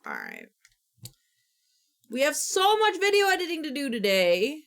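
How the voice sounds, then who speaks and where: A woman's voice: high-pitched, wildly swooping pitch, measured pace, gravelly, a bit bright. A woman streamer chatting casually on a live stream, rambling and frustrated, sometimes slipping into goofy baby talk.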